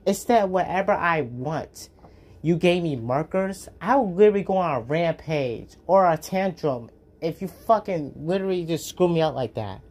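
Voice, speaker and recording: A woman's voice: on the low side, expressive, normal speed, a little mellow. A woman hosting a reaction video, ranting with profane indignation.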